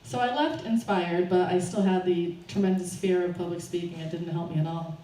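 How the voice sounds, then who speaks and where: A woman's voice: on the low side, a little fast. Nervous woman telling her story, distant and roomy. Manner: nervous, laughing, animated storytelling. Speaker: speaker at a fundraiser. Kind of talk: personal story told to a live audience. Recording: roomy, distant, faint background noise.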